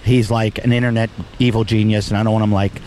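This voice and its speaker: A man hosting a podcast, telling crude stories in animated, profane casual banter into a studio microphone. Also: on the low side, fast talker, slight background noise. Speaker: podcast host.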